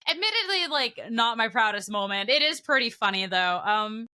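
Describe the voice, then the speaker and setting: A young woman co-hosting a podcast, telling a long story in lively, casual chat, laughing often as she goes. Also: on the high side, moderate pace. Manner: animated storytelling with frequent laughter. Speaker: podcast co-host and broadcast commentator.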